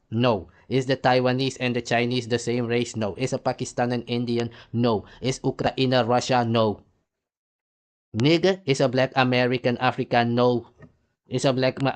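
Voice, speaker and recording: A male commentator delivering a heated, profane rant between clips, firing off repeated rhetorical questions. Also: medium pitch. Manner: angry, repetitive rhetorical questions.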